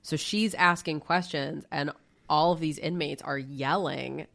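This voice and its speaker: A woman co-hosting a podcast, telling stories in a chatty, animated way. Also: sits low, unhurried, vocal fry. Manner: chatty, animated storytelling, frequent fillers and swearing. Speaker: podcast co-host. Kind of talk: casual chat.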